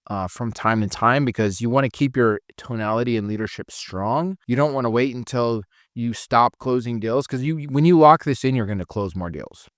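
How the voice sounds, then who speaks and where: A man's voice: mid-range voice, dry recording, studio quality. A man giving a casual spoken sales training lesson, often restarting phrases and demonstrating intonation.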